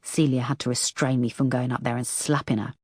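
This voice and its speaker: A woman's voice: very deep voice, little pitch movement, brisk, a little mellow, husky, no echo, clean studio sound. A woman narrator voicing a blunt, wisecracking female detective who talks frankly and teases her boss. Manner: frank, teasing.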